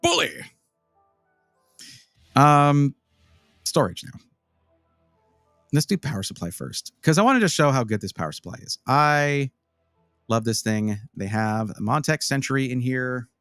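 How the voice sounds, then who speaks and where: A man's voice: mid-range voice, unhurried, pauses often, dry recording, studio quality, faint music behind. A man chatting casually on a live stream, reviewing gaming PC parts and rambling as he answers his chat. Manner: animated, rambling, talks to chat.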